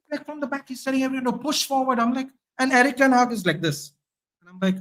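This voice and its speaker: A man guesting on a live football reaction stream, ranting in an exasperated, animated way. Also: very high-pitched, fast talker. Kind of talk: live match reaction chat.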